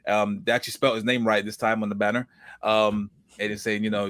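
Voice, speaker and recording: A man's voice: on the low side, flat delivery, brisk, a bit bright, dry recording, clean studio sound. A man co-hosting a casual wrestling podcast, rambling with lots of fillers and restarts and greeting viewers in the comments. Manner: reads viewer comments aloud. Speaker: podcast co-host.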